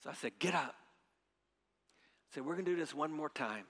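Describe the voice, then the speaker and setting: Middle-aged male preacher, high tenor, animated storyteller, church reverb. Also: racing. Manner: animated storytelling, swings from hushed to loud; repeats phrases, leads audience call-and-response. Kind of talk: sermon. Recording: long hall reverb.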